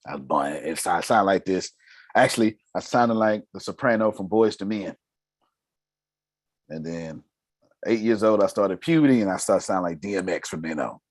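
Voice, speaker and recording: A raspy-voiced man giving a motivational business lesson, emphatic and casual, firing off rhetorical questions. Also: sits low, normal speed, dry recording. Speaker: business mentor. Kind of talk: motivational teaching.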